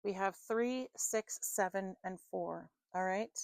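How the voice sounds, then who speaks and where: A woman's voice: mid-range voice, takes it slowly, vocal fry, darkish tone, dry recording, clean studio sound. A woman doing a tarot reading, rambling in a chatty, self-deprecating way with lots of fillers and laughs. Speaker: tarot card reader. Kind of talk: rambling casual monologue.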